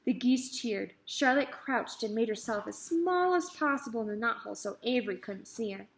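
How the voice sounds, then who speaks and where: A woman reading a children's chapter book aloud, with gentle asides of her own. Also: fairly high pitch, expressive, moderate pace, vocal fry. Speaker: storyteller.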